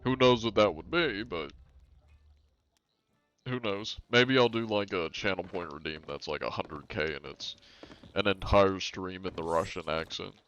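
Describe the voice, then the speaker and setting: A man's voice: low voice, unhurried, a bit bright, smooth, dull audio. A man streaming a game live, chatting in a rambling, laid-back way with small chuckles. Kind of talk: casual live-stream chat.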